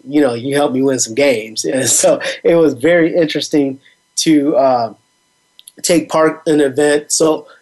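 A man's voice: fairly high pitch, darkish tone. A man hosting a sports talk radio show, talking in a rambling, casual way with plenty of fillers. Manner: rambling, conversational, many fillers.

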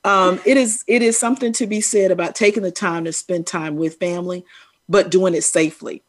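Casting: middle-aged woman co-host, lower-pitched, animated and teasing, laughing often. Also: a little fast. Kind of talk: casual chat.

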